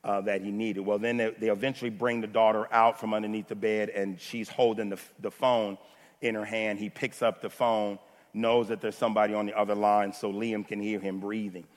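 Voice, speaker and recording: A man's voice: lowish voice, level tone, brisk. A male pastor preaching a sermon, building to fervent repeated lines between chatty asides. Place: church sanctuary. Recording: long reverb of a large hall.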